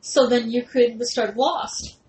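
A woman co-hosting a casual comedic chat, reacting in a dry, deadpan way. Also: a little high, a little slow, rough recording.

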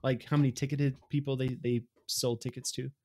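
A man's voice: medium pitch, flat delivery, brisk, warm tone. A man co-hosting a podcast, talking in earnest casual chat and often checking in with "right?". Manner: earnest, frustrated, keeps asking "right?". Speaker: podcast co-host.

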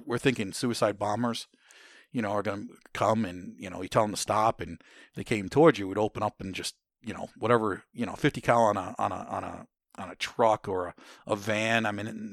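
This American veteran's voice is fairly low, with vocal fry and a slightly bright tone, as he shares war stories in conversation. His talk is blunt and profane, wandering through restarts and repeated "you know" fillers. The audio is studio quality with no echo.

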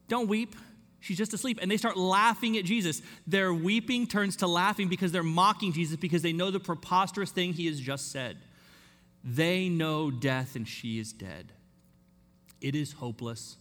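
A man's voice: on the high side, a bit bright. Conversational male pastor in a reverberant hall. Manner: conversational, acts out quoted voices. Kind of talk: sermon.

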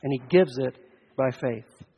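A man, a pastor preaching a sermon, with earnest delivery that swells loud and then drops almost to a hush. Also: medium pitch, unhurried, slightly rough. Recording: dull sound, long church reverb.

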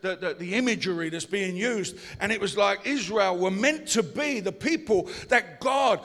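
Preacher, man, high and bright voice, shouting sermon, long hall reverb. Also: animated, moderate pace. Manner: preaching, rising to shouts, asks the congregation questions. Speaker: pastor.

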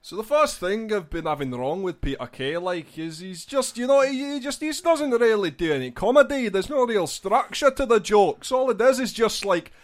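A man's voice: high voice, expressive, moderate pace, hardly any pauses, voice pushed up. A man doing an impression of a stand-up comic, ranting mockingly. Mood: scornful.

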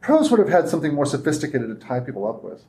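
A woman's voice: deep voice, big pitch swings, fast, dark tone, slight background noise. A man reading aloud and voicing a determined woman ship captain who speaks curt and urgent.

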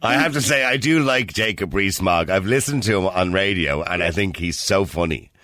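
A man's voice: deep voice, moderate pace, pushed and bright, no echo. A man with a Dublin accent hosting a radio phone-in, chatting casually and laughing often. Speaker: radio talk show host.

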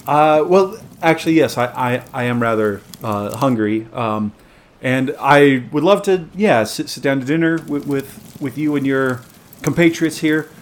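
A man's voice: medium pitch, animated, unhurried, natural voice. A man voicing a naive young farmer with a drawl, hesitant and stammering. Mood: polite.

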